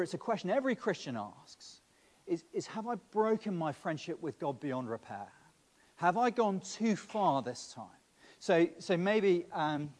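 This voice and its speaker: A man's voice: a little high, darkish tone. A man preaching a sermon, speaking to the children directly and often repeating words as he starts phrases. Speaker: pastor. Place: church. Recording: long reverb of a church hall.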